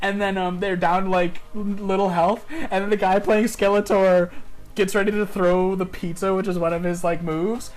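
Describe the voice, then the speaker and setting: A woman's voice: mid-range voice, normal speed, low-quality recording. Casual laughing woman gaming commentator. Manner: laughing, swearing, animated retelling. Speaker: gameplay commentator. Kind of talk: casual let's-play chat.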